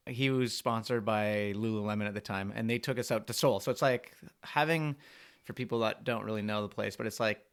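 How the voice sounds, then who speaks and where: A young man from Canada, a pro freeskier, telling a rambling, animated story on a podcast and saying "like" a lot. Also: medium pitch, clean tone. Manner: animated, rambling anecdotes full of "like".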